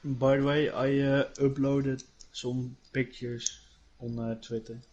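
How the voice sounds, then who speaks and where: A young man with a Dutch accent in casual gaming voice chat, halting with pauses and "uh". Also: mid-range voice, little pitch movement, darkish tone, dull audio. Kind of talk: casual voice chat during an online race.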